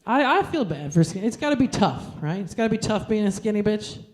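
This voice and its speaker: A woman performs stand-up on stage with a brash, crude, self-mocking delivery. Her pitch sits in the middle range, neither high nor low. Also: big pitch swings, a little fast, a little mellow. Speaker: stand-up comedian. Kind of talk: stand-up comedy set.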